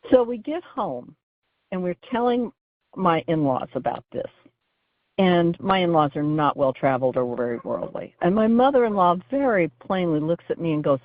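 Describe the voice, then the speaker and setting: A woman's voice: lowish voice, expressive, normal speed, dry recording. A woman caller leaving a chatty voicemail for a radio show and telling a funny story between laughs. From Oregon, US. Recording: tinny phone line, dry.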